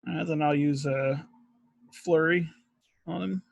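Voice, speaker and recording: A man playing a tabletop game who calls out his rolls plainly. His voice is gravelly and slightly high, and the recording is dry. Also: steady tone, measured pace, no echo, highs cut off. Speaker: player. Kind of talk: casual tabletop game play.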